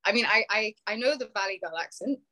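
A woman's voice: medium pitch, fast talker, pushed and bright, slight background noise. Brief: chatty British woman, casual video-call conversation, laughs easily, plenty of fillers. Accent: British English. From United Kingdom.

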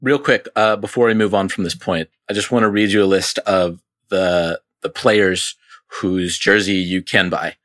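A man's voice: sits low, fairly even intonation, normal speed, fairly bright tone. A man co-hosting a casual sports chat, laid-back with dry humor and hesitant fillers. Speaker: podcast co-host.

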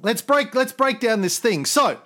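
Lively high-pitched man, comedic co-host. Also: moderate pace. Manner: reads historical passages, then jokes with crude humor. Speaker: podcast co-host. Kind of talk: casual comedic history chat.

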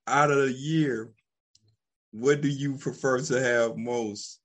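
A man interviewing a guest in a relaxed, conversational way, stumbling over his restarts before he gets each question out. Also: mid-range voice, slow pace. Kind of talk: casual interview.

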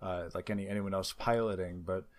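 A man co-hosting a casual fan podcast, talking in a relaxed way with some hesitation. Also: low-pitched, fairly quick. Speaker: podcast co-host.

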